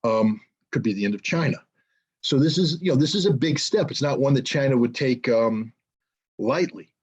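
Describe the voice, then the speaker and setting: A man's voice: medium pitch, expressive, normal speed, slightly rough, dull audio. An older man giving blunt, sarcastic political commentary as an interview guest over a video call, with many ums and restarts.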